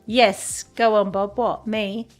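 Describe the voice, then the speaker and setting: A woman's voice: medium pitch, flat delivery, slow, faint music behind. A woman hosting a livestream in casual, rambling chat, full of fillers and restarts. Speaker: livestream host.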